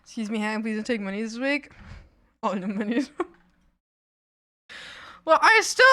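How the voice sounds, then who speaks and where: Bright-voiced woman streamer chatting. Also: fairly high pitch. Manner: chatty and rambling, laughs often, bursts into mock shouting. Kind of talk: casual chat on a live stream.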